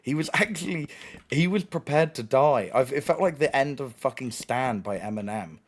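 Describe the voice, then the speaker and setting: A man's voice: mid-range voice, normal speed. A young man streaming, casually telling a story with lots of swearing, laughter and restarts. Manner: animated, sweary, laughing often, many restarts.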